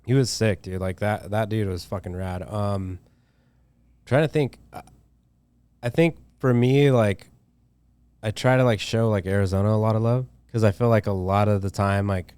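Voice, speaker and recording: A man's voice: lowish voice, steady tone, normal speed, a little mellow, smooth, no echo. A young man, a tattoo artist, chatting loosely on a podcast with lots of slang, swearing and filler words. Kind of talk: casual podcast chat.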